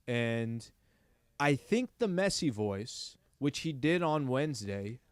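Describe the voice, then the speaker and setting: A man's voice: mid-range voice, very animated, takes it slowly, dry recording. A male co-host on sports talk radio, talking in a rambling, playfully teasing way.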